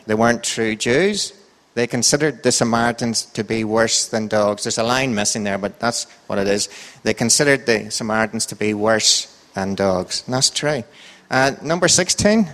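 A man's voice: mid-range voice, fairly bright tone. An Irish man with a lilting, sing-song delivery that rises and falls, giving a casual Bible talk to a church group. He sounds chatty and joking, and his voice carries a long reverb from the hall around him. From Ireland. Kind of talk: informal Bible talk with a quiz.

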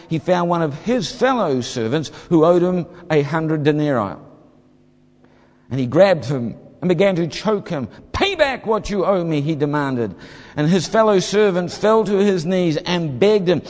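A man's voice: high-pitched, animated, measured pace, darkish tone. Man preaching in a reverberant hall. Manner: expository, acts out the parable's voices. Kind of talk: sermon.

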